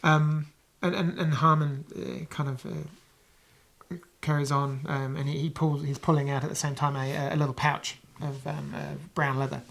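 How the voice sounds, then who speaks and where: A man with a New Zealand accent narrating as game master of a tabletop game, rambling with many pauses and restarts. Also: on the high side, flat delivery, gravelly, a bit bright.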